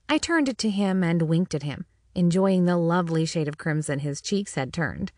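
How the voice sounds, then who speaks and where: A woman reads a first-person audiobook with a wry, dryly humorous manner. Her voice sits a little low for a woman. The recording is dry and close, with no room sound. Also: lively intonation, normal speed, hardly any pauses, darkish tone, dry recording. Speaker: audiobook narrator.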